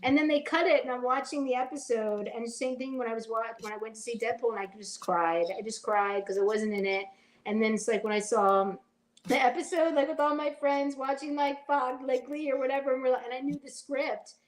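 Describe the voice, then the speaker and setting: A woman's voice: a little high, fairly quick, poor audio. Chatty actress in her forties. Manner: chatty, fills with "like", acts out quotes. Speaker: actress guest. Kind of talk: casual interview storytelling.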